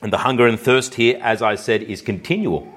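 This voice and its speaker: A man preaching a sermon, speaking slowly and earnestly, with his voice rising whenever he quotes scripture. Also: a bit bright. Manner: earnest, rising in pitch and intensity when quoting scripture; slow, deliberate phrasing with repeated restarts.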